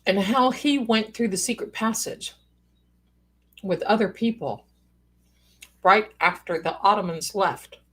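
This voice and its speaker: A woman's voice: medium pitch, a little slow, pauses often, fairly bright tone, slightly rough. A woman hosting a live stream in casual chat, a chatty, rambling storyteller with playful asides who calls her viewers pet names.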